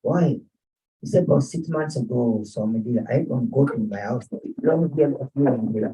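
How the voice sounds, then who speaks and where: A man's voice: medium pitch, moderate pace, warm tone, far from the mic, rough recording. A man teaching a scripture class at a home gathering, telling chatty stories with chuckles and chanting Sanskrit verses. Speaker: spiritual teacher.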